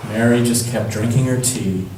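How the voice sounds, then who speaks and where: A man telling a Bible story to children in church, gentle and musing. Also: mid-range voice, fairly even intonation, moderate pace, slight background noise. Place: church sanctuary. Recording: echoey church hall from far off.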